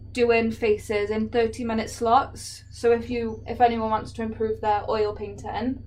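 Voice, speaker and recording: A woman from England whose accent has drifted Welsh, talking to her viewers as she paints. Her voice sits a touch high. She keeps it casual and chatty, breaking into laughs as she answers comments. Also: a little hiss or hum. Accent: Welsh-tinged English. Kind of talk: casual chat while painting.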